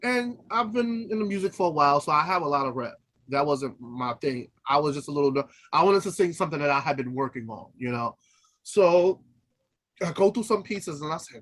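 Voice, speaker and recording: Fairly bright and on the high side, the man's voice moves a little fast. He's an opera singer and podcast co-host who tells stories in relaxed conversation, laughing easily and dropping and restarting his sentences.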